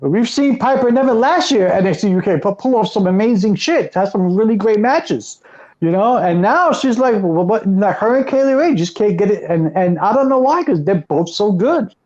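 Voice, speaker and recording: A man's voice: sits high, expressive, moderate pace, a little mellow. A man co-hosting a wrestling podcast in casual chat, talking in emphatic, exasperated rants. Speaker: podcast co-host. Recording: dull lo-fi sound.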